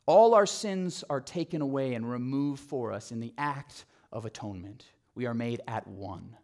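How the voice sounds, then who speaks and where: A male pastor preaching a sermon, telling the story with animation and dropping to a soft, low voice on key phrases. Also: normal speed. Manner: animated storytelling, acting out quotes.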